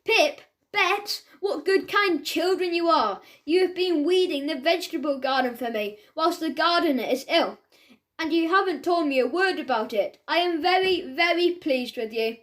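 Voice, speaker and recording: A warm, doting mother bubbling over with praise for her children, her voice lifting high, as a woman reading aloud puts her on. Storybook narration. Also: moderate pace. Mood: delighted. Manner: gushing praise. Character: loving, delighted mother of two children.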